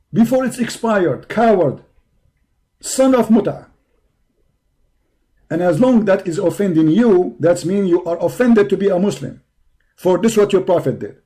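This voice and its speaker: Strained and hoarse yet somewhat high and mellow, this male host of an online debate show launches into a fiery polemical rant. He taunts and confronts, hurling the same insults repeatedly, all carried over a shaky live-stream connection.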